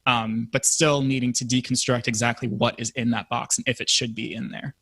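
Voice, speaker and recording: A man is a guest on a casual podcast, reflecting thoughtfully with plenty of fillers. His voice is bright and forceful at a middle pitch, recorded dry and close. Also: little pitch movement, brisk, breathy edge, no room sound. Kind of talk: casual conversational chat.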